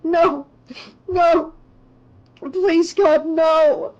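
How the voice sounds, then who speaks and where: A man reading an audiobook, voicing a frightened young woman who cries out and pleads in a high voice. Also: lively intonation, unhurried, mellow, highs cut off. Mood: panicked.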